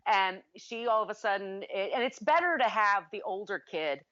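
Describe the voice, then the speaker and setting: A woman's voice: mid-range voice, animated, normal speed, a bit bright, dull audio. A woman co-hosting a casual film review chat, retelling plot scenes at length. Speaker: podcast co-host.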